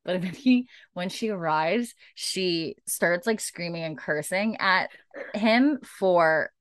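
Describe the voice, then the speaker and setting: A low-voiced woman hosts a podcast and recaps an episode in loose, rambling chat. She fills her talk with "like" and "um" and often jumps back to fix what she just said. The sound is close and dry, with no room echo. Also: slow. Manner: chatty, rambling, full of "like" and "um". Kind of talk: casual chat.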